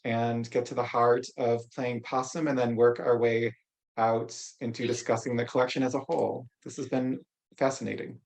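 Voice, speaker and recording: A man hosting an interview over a video call, speaking in a measured, appreciative way. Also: medium pitch, level tone, vocal fry, a little mellow. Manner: measured and appreciative, with frequent short back-channel murmurs. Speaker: interview host. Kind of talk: interview, closing remarks.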